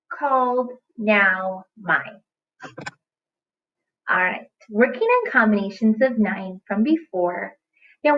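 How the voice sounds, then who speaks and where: A woman's voice: a little high, lo-fi sound. A woman teaching young children in a recorded lesson, talking in a playful, exaggerated sing-song way. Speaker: kindergarten teacher.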